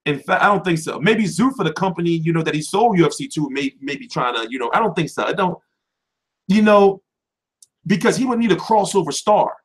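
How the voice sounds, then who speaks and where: A man's voice: a little high, expressive, fairly quick, breathy edge. A young man hosting a boxing channel, answering viewers in a heated, profane livestream chat.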